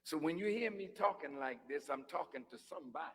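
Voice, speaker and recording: High, animated preacher in a reverberant hall. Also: male voice, quick pace, creaky. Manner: swings from hushed asides to shouting; teasing, conversational preaching with laughs. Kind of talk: sermon.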